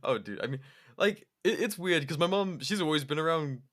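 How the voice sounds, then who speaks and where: A man's voice: fairly high pitch, lively intonation, brisk, fairly bright tone. A young man co-hosting a podcast, telling rambling stories in casual chat, swearing freely and laughing often. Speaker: podcast co-host.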